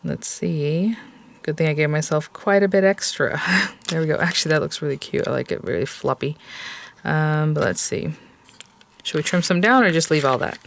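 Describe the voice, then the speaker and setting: A woman's voice: deep voice, moderate pace, gravelly, a little hiss or hum. A woman hosting a crafting tutorial, chatting casually to viewers as she works and often exclaiming how cute things are. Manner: chatty, gushing, talks to viewers while working. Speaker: craft video host.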